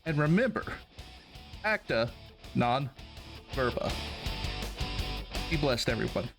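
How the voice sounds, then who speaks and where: A man's voice: mid-range voice, very animated, slow pace, vocal fry, over music. A man hosting a podcast, reading a closing sign-off with thanks and appeals to listeners. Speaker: podcast host. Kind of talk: scripted outro sign-off.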